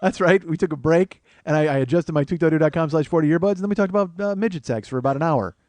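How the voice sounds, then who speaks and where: Fast-talking profane male podcast host. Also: on the high side, darkish tone, a little hiss or hum. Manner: rambling, profane, self-amused. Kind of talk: crude comedic monologue.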